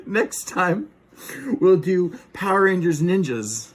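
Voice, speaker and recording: High lively guy acting out a cartoon with his toys, bouncy delivery. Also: slow. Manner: animated, does silly voices and sound effects. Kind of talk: playful retelling with toys.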